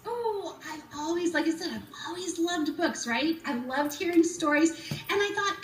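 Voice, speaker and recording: A woman's voice: very high voice, lively intonation, normal speed, roomy sound, far from the mic, slight background noise, rough recording. A woman in her forties, a children's book author, answering kids' questions in a bubbly, upbeat way. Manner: bubbly, upbeat, talks to kids. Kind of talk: virtual school visit Q&A.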